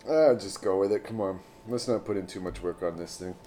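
A man's voice: low-pitched, a little fast, a crowd in the background. A man in his thirties co-hosting a podcast, trading dry wisecracks in casual banter. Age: 30s. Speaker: podcast co-host.

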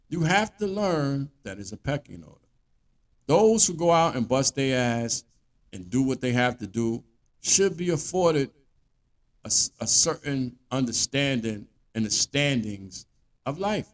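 A blunt, profane man rants his way through a monologue as a podcast host. His pitch swings up and down with lively emphasis, and he sits right in the middle of the male range. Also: measured pace.

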